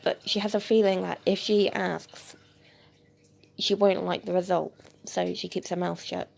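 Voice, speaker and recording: A woman's voice: on the low side, level tone, unhurried, creaky, a little mellow, slight background noise. A woman narrating an amateur audio story, reading plainly with hesitant fillers.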